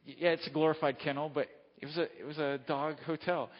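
A man's voice: fairly high pitch, flat delivery, fast talker. A man preaching a sermon, telling a story in a conversational way and often checking in with his listeners. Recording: dull lo-fi sound with long hall reverb.

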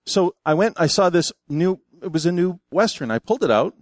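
An older man preaching a sermon, telling stories in an animated, folksy way and reading scripture aloud. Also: sits high, fairly quick, no echo, studio quality. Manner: animated storytelling with folksy asides. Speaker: pastor.

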